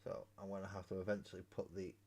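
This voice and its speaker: A man's voice: low voice, monotone, fast talker, darkish tone. A man hosting a casual live stream while painting miniatures, rambling, joking and swearing freely. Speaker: hobby streamer. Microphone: webcam mic.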